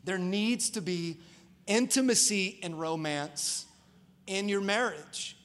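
A pastor preaching a sermon to a congregation, talking casually and joking with the crowd. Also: male voice, high voice, takes it slowly. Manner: animated and conversational, jokes with the congregation. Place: church auditorium before a congregation.

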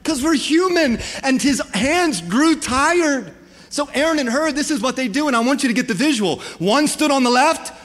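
Male pastor, high voice, fiery call-and-response preaching, long hall reverb. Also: a bit bright. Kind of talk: sermon.

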